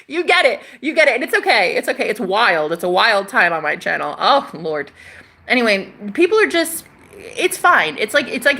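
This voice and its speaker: Lively, bright-voiced woman streamer. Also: medium pitch, creaky. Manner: animated, sassy, laughs often, swears casually. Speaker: spiritual livestream host. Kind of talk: casual livestream chat reading comments.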